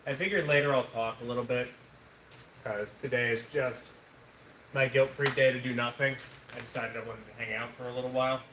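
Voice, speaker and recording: A man's voice: medium pitch, fairly even intonation, a little fast, fairly bright tone, recorded from a distance. A man hosting a casual live stream, chatting and thanking viewers between practice throws. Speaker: livestream host. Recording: echoey room with noise.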